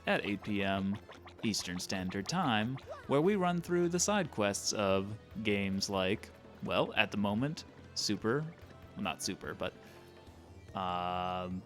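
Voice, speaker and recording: A man's voice: on the low side, fairly bright tone. A man streaming a game, chatting casually in a loose, joking, self-deprecating way and swearing now and then. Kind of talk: casual let's-play commentary.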